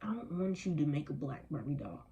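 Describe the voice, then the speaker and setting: A woman's voice: low-pitched, big pitch swings, brisk, mellow, highs cut off. A young adult woman vlogging with anger and weariness, speaking emphatically with strong language. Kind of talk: impassioned personal vlog.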